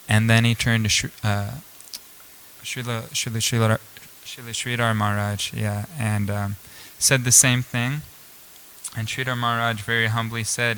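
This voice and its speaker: A man's voice: fairly low pitch, little pitch movement, moderate pace, a bit bright, slight background noise, poor audio. A man giving a storytelling scripture class at a temple, speaking casually with many fillers and restarts. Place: temple hall.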